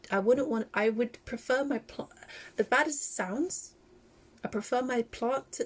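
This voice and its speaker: A woman vlogger talking casually in a reaction video, emotional and animated, laughing often. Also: mid-range voice.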